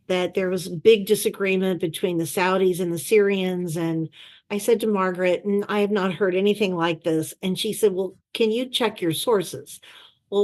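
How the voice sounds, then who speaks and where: A middle-aged woman and former chief of staff, telling lively anecdotes and acting out the people she quotes. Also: mid-range voice. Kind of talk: storytelling in an interview. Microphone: video call.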